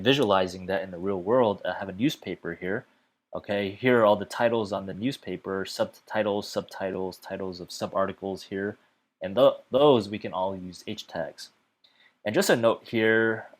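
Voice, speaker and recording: A man teaching a web development lesson in a casual, chatty way, often filling pauses with "okay" and "uh". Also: sits low. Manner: chatty, fills gaps with okay and uh.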